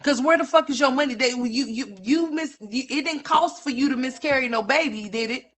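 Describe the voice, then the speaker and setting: A woman commentator ranting with incredulous, profane, rapid-fire talk full of restarts. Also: sits high.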